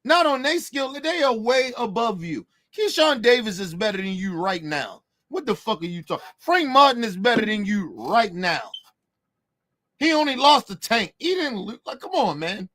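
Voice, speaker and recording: A man ranting with brash, mocking energy. His voice sits high and swings widely in pitch. He keeps hammering his points in profane, emphatic bursts. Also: sing-song, normal speed, fairly bright tone. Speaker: boxing commentator. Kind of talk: heated opinion rant.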